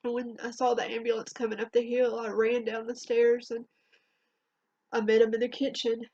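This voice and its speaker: A woman telling a painful personal story in a halting, emotional way, her voice trembling near tears, in a dull lo-fi home recording. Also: fairly high pitch, little pitch movement, mellow, dry recording. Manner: halting, emotional, with restarts and long pauses. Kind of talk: personal spoken testimony.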